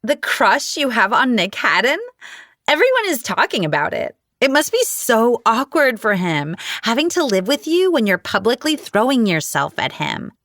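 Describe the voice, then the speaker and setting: A catty young woman, put on by a female audiobook narrator, taunts in a whiny falsetto baby voice, all fake sweetness. Her high, sing-song delivery swoops widely, dripping with mockery. The sound is close and dry. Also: big pitch swings, moderate pace, fairly bright tone, no room sound. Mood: taunting. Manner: mocking, sugary-fake friendliness.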